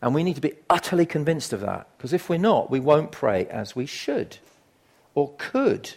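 An older man preaching a sermon in a conversational, emphatic way, swinging from quiet asides to loud bursts. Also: on the high side, big pitch swings, normal speed, vocal fry, breathy edge.

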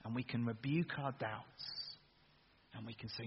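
A man preaching a sermon and leading a prayer to a youth audience in a large hall, earnest, switching between loud urging and soft hushed lines and leading the crowd in call-and-response. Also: mid-range voice, fairly even intonation, measured pace, a little hiss or hum. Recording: dull lo-fi recording with long hall reverb.

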